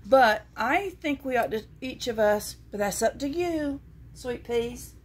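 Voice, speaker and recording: With a fairly high, expressive voice and a slightly slow pace, a woman with a Southern American accent hosts a casual show-and-tell vlog. She chats homespun-style while showing things to viewers and reading scripture aloud.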